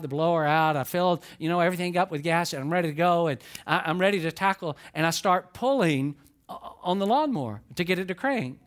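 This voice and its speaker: A man's voice: high voice, fairly bright tone. A man preaching a sermon, folksy and storytelling, with emphatic rises. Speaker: pastor. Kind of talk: sermon with humorous stories.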